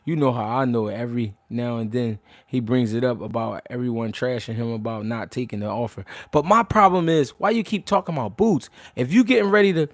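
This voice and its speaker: A man hosting a boxing talk livestream, brash and rapid-fire, full of slang and cursing. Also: mid-range voice, no echo. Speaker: boxing talk show host. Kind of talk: profane livestream commentary.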